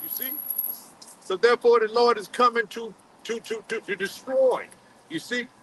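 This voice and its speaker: A man preaching a sermon in a halting, repetitive way, full of fillers, and calling on another man to read scripture aloud. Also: extremely high pitch, fairly bright tone, slight background noise, poor audio. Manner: halting, repeats words, many fillers, calls on a reader. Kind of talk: street-style sermon with scripture reading.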